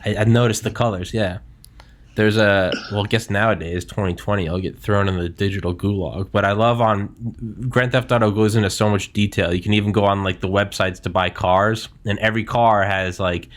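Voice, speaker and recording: A man's voice: lowish voice, steady tone, fairly quick. A man in casual podcast chat, profane and joking, slipping into mock old-timey voices.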